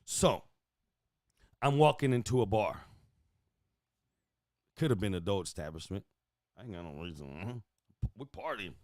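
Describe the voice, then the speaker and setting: Guy from houston spinning a wild story, swearing, gets loud then quiet, dry close mic. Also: fairly low pitch, a little slow, long pauses, no echo. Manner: animated, profane, swings from loud to hushed. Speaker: podcast host. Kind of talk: casual storytelling.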